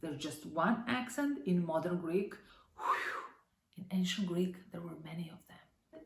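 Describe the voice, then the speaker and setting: A woman teaching a language lesson, speaking slowly and spelling out each word with care. Her voice sits a little low and has a gravelly edge. She sounds cheerful and encouraging, and the room gives a clear echo. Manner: upbeat, encouraging, slow careful pronunciation.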